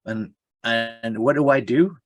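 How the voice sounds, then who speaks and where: A man's voice: medium pitch, slow, dry recording. A man who is a guest on a spiritual talk. He tells a rambling, casual story full of fillers and restarts.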